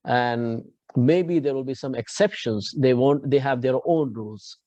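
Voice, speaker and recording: A man's voice: mid-range voice, unhurried, mellow, no echo, highs cut off. A man with an Indian English accent, giving a classroom lecture on English pronunciation, explaining patiently and asking students to repeat after him.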